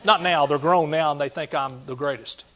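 A middle-aged man delivers a sermon in a folksy style, his voice fairly high and his pace normal. He alternates between loud, emphatic points and quiet asides, calling out to his listeners. The recording is dull and lo-fi.

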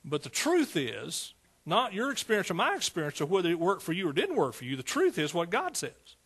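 A man's voice: high-pitched, huge pitch swings, fairly quick, fairly bright tone, breathy edge. A man preaching a fervent sermon, calling out to his congregation.

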